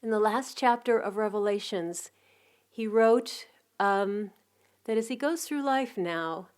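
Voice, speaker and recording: A middle-aged woman giving a reflective spiritual talk, telling anecdotes in a gentle, unhurried way with soft restarts. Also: mid-range voice, clean tone. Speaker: spiritual community teacher.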